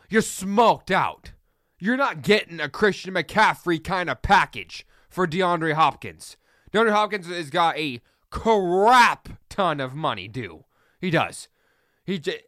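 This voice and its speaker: A man's voice: on the high side, a bit bright, dry recording, studio quality. A young man hosting a casual solo sports podcast, opinionated and ranting with heated outbursts.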